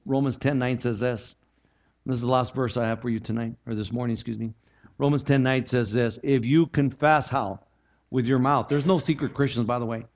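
Man preaching a sermon, slightly muffled. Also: medium pitch. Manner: preaching, animated with rising emphasis and scripture quotes; softer, earnest appeal to the congregation. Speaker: pastor.

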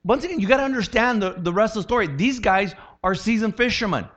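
A man preaching a sermon as a pastor, animated, acting out quotes and voices as he teaches. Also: sits high, fast, muffled recording.

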